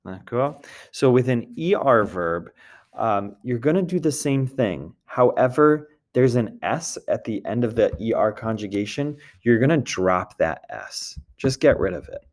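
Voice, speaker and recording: A man at a middle pitch explains grammar step by step to his students. He talks patiently, goes over each point more than once and keeps checking that they follow. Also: animated, unhurried. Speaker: French teacher. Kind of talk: recorded classroom grammar lesson.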